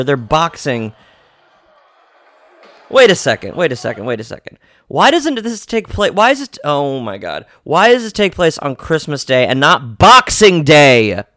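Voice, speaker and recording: A man with a fairly high voice and an unhurried delivery, calling out what he sees while watching a film. He keeps gasping and exclaiming, then drops into jokey asides in a relaxed, comic podcast-host manner. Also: no echo. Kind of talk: live reaction commentary while watching a film.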